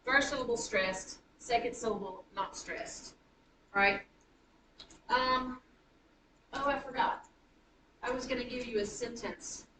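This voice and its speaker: A woman teaching a high school writing class, chatty and self-correcting as she taps out rhythms aloud. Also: fairly even intonation, slow, pauses often, pushed and bright. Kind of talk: classroom lecture. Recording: roomy classroom from a distance, faint noise.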